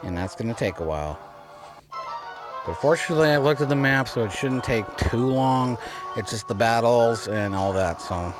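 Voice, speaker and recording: A let's-play commentator with a medium-pitched, lively voice narrates his gameplay at normal speed. He's casual and rambling, going back over himself and restarting often. Game music is audible beneath.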